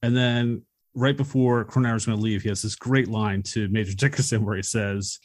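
A man co-hosting a casual movie podcast, calmly recounting plot points and favorite moments. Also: lowish voice, moderate pace. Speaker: podcast co-host.

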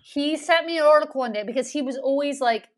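A woman's voice: high-pitched, fast. A woman in her thirties chatting casually, rambling through stories with lots of fillers. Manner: rambling, animated storytelling with many fillers. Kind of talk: casual chat.

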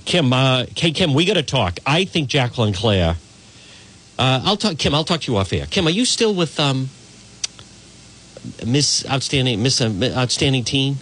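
A man's voice: medium pitch, animated, normal speed, a bit bright. A man hosting a live call-in talk radio show, rambling and digressing as he chats.

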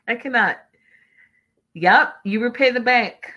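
A woman hosting a casual livestream, chatting with viewers and reacting to their comments in a lively, talkative way. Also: fairly high pitch, a little slow, poor audio. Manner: chatty, animated, addresses viewers as y'all. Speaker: livestream host reading chat. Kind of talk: casual reality-show recap livestream.

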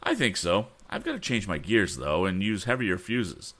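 A man's voice: fairly low pitch, wildly swooping pitch, moderate pace, a bit bright, voice pushed up, full character voice. A man reading the part of a modest but determined young male inventor who speaks earnestly.

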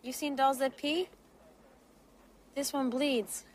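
A tough young woman who answers with slow, dry sarcasm. Her voice sits a little high. It sounds like a movie clip. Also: steady tone. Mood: sardonic. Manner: dry, sardonic. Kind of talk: film dialogue.

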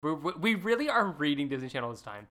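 A woman's voice: sits low, quick pace, a crowd in the background. Giggly woman co-hosting a podcast. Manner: giggly, animated, leads the segment. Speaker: podcast co-host. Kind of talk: casual podcast chat.

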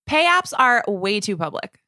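Woman co-host, casual and playful, crisp bright tone in a dry booth. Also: medium pitch, very animated, moderate pace, no echo. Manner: chatty, laughs often, playful asides. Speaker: podcast co-host. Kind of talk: casual music discussion.

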